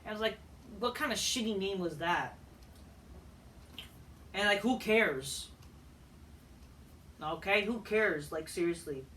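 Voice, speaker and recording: A man's voice: sits high, slow, pauses often, pushed and bright, distant mic, a little hiss or hum. A man ranting through a profane, exasperated video review of a wrestling show.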